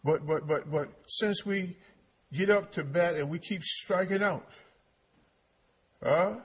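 A man preaching with a husky, slightly high voice. He is emphatic, stumbling over and repeating words as he drives each point home. He keeps checking in with his congregation. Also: takes it slowly. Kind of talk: sermon, reading and preaching on scripture.

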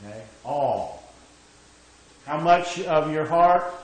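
A man's voice: on the high side, animated, takes it slowly, heavy reverb, poor audio. A man preaching a sermon, emphatic, checking in with his listeners with "okay?" as he goes. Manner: emphatic, rising and falling, frequent "okay?" check-ins.

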